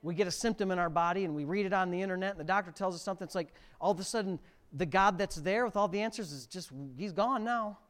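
A middle-aged male pastor preaching a sermon, swinging from quiet reading to near-shouted emphasis. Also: high voice, fast talker. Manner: preaching with sudden loud rises to near shouting.

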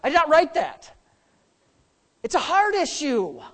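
A male pastor preaching a sermon in a church sanctuary, emphatic, swinging between loud bursts and low asides, with joking asides. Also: huge pitch swings, a little slow.

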